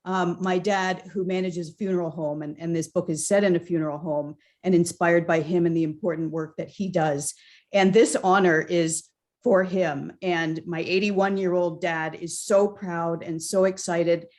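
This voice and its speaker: Author lady on a video call, kinda low voice, choked up thanking everyone. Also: fairly even intonation, moderate pace, darkish tone. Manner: heartfelt, near tears. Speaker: award-winning author. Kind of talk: acceptance remarks.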